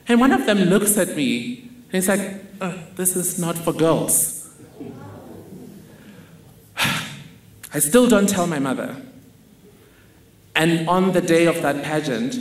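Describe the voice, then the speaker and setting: A man tells a personal story slowly, with long, deliberate pauses and a slightly high voice. His wry delivery carries through a roomy hall. Faint ambience sits under his words. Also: a little hiss or hum. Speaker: speaker. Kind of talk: storytelling talk on stage.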